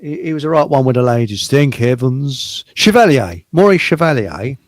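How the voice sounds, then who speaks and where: A man's voice: fairly high pitch, big pitch swings, brisk, no echo. A man hosting a casual chat show, rambling through jokes and laughing at his own stories. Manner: chuckling, rambling joke-teller. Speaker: show host.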